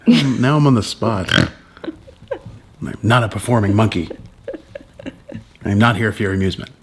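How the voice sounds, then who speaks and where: A young man with a voice rough from allergies, chatting in a casual vlog with dry, self-mocking banter. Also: lowish voice, normal speed. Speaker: vlog co-host. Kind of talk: casual chat.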